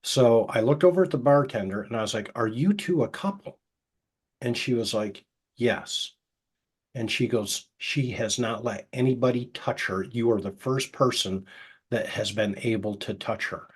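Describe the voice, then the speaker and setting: A middle-aged man who works as a hypnotist, telling anecdotes casually and acting out the quoted dialogue, with a soft, slow voice for the hypnotic suggestions. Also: mid-range voice, slightly rough. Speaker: hypnotist guest. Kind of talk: casual storytelling interview.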